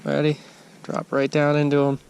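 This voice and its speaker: An excitable man talking casually to the camera, outdoors on a frozen lake, with a faint outdoor hush behind him. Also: a little high, normal speed, creaky, clear, resonant tone. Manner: excitable, exclaims loudly when he lands a fish. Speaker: angler filming his fishing trip. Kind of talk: casual running commentary.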